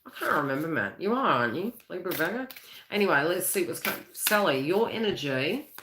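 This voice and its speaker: A woman's voice: lowish voice, very animated, fairly quick, noisy background. A woman from Australia hosting a live psychic reading, chatty and rambling, laughing often as she talks. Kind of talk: live-stream tarot and astrology reading. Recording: echoey room.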